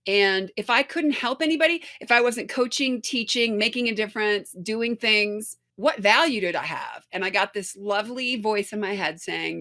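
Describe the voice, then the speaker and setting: A woman's voice: medium pitch, moderate pace, few pauses, pushed and bright. A woman guest in a podcast interview, telling her story candidly and acting out voices.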